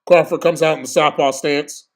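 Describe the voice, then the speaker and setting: A young man giving casual, slangy live commentary on a boxing match for his stream, excitable and prone to bursts of shouting. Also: fairly high pitch, normal speed.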